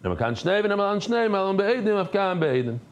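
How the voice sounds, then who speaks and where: A man teaching a daily Talmud class, reading the Aramaic text and explaining it in English, switching to softer storytelling. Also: sits high, very animated, a little fast, highs cut off, a little hiss or hum.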